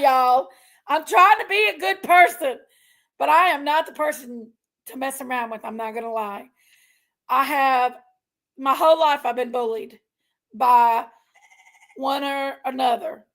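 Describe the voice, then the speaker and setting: A woman ranting to her viewers in a heated, casual way. She is emotional and fired up, and keeps telling herself to calm down. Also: high-pitched, measured pace, pauses often. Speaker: online commentary streamer.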